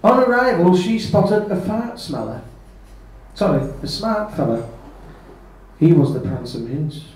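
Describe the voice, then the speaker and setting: A male comedian with a slightly high voice telling a rude fairy tale packed with spoonerisms. His delivery is deadpan and matter-of-fact. The sound is roomy and distant, as if caught by a camera across a pub. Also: measured pace, pauses often, a little hiss or hum. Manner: deadpan comic narration with self-corrections. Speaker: stand-up comedian. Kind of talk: bawdy spoonerism storytelling. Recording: echoey pub from far off.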